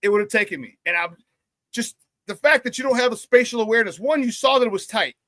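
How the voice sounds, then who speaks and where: A man hosting a sports talk show, telling a story in a casual, animated rant. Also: very high voice, no room sound. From Chicago area. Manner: animated storytelling, quick voice changes for quoted people.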